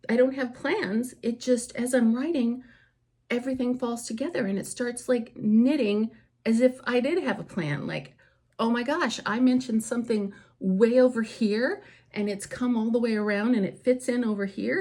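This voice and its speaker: A woman's voice: fairly high pitch, darkish tone, husky. A woman talks casually and enthusiastically about her work. She rambles a little and uses plenty of fillers, in the loose, friendly tone of a get-ready-with-me vlog. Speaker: author and vlogger.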